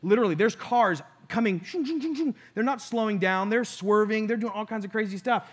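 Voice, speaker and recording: A man's voice: sits high, steady tone, brisk. A middle-aged man preaching to his church, telling a personal story in an earnest way and acting out his conversations with God. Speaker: pastor.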